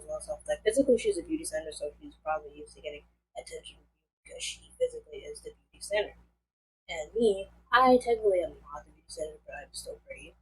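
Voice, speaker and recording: A woman's voice: low-pitched, slight background noise, low-quality recording. A young woman, likely in her teens, telling a storytime vlog in a rambling casual way, full of fillers. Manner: rambling, many fillers like "like" and "and all that stuff". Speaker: vlogger.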